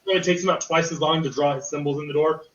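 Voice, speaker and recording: A man's voice: a little high, fairly even intonation, fast, fairly bright tone, echoey room, recorded from a distance, muffled recording. A man narrating a tabletop game as game master, describing scenes in a plain way.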